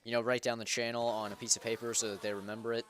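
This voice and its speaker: A man's voice: mid-range voice, level tone, very fast, a bit bright, slight background noise. A young man hosting a game server, giving casual gameplay commentary in a rambling, self-correcting way. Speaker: Minecraft server host.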